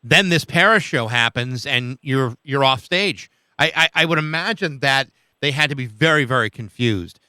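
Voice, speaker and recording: A man hosting an interview, asking questions with halting, stammering starts. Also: mid-range voice, lively intonation, pushed and bright, smooth, no room sound. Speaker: radio interview host.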